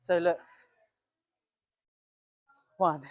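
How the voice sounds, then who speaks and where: A woman's voice: extremely slow, dull audio. A young woman coaching a gym workout in a casual, direct way, a bit out of breath as she demonstrates. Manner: direct, coaching, talks to viewers as "you lot". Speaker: fitness coach.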